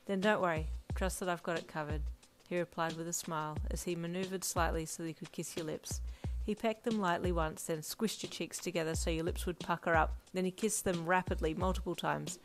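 A woman's voice: fairly low pitch, brisk, few pauses. Woman narrating a fanfiction audiobook. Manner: steady storytelling narration. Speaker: fanfiction reader. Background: faint lo-fi drum music.

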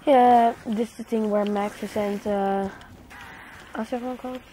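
A woman's voice: fairly high pitch, fairly even intonation, normal speed. A young woman who is not a native English speaker gives casual commentary on her gameplay. She chats along and breaks into startled exclamations. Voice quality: chatty, bursts into startled exclamations. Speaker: gaming channel host. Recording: noisy home game recording.

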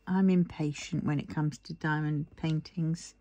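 A woman's voice: low voice, steady tone, measured pace, dark tone, no room sound. A tired woman chatting in a rambling way while she works on a diamond painting, yawning and murmuring to herself. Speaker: craft vlogger.

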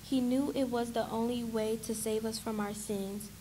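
A woman calmly giving a short devotional explanation. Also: a little high, moderate pace, slight background noise.

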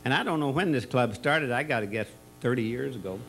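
This is a rough recording with slight background noise of a man whose mid-range voice is expressive, brisk, and fairly bright. A former school colleague speaking at a retirement party in a banquet room, he tells folksy, anecdotal party stories. His delivery rambles, with jokes, frequent restarts, and lots of fillers.

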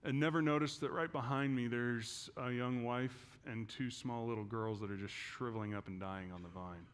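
A male pastor preaching in a church, telling a personal story and moving from hushed, quiet passages to loud, intense ones. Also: mid-range voice, steady tone, normal speed, a little hiss or hum. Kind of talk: sermon.

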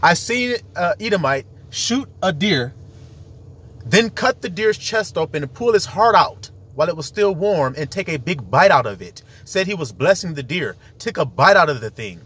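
Male preacher, slightly high husky voice, emphatic and rambling. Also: lively intonation, normal speed, fairly bright tone. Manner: emphatic, rhetorical questions, rambling. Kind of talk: preaching monologue.

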